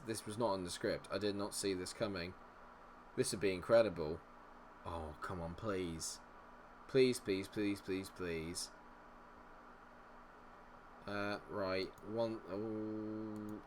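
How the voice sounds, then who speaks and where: A young man commentating his own game on stream, muttering tensely and then yelling and swearing. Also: fairly low pitch, a little hiss or hum. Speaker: gaming streamer.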